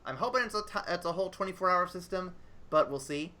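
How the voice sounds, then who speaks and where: A man's voice: high-pitched, expressive, fast talker, pushed and bright. A man hosting a podcast, running through game news in a loose, profane way with frequent ums and laughs. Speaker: podcast host. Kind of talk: casual podcast chat.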